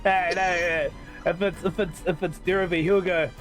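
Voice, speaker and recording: A man's voice: sits high, steady tone, moderate pace, a bit bright, faint music behind. A man playing a tabletop game, joking and laughing often in casual chat. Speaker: player.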